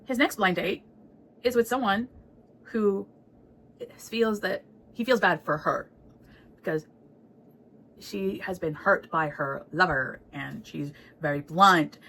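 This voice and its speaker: A woman's voice: lowish voice, slow pace, long pauses, a bit bright, a little hiss or hum, poor audio. A woman giving a casual, chatty book recap, laughing often and swearing freely. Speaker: book reviewer.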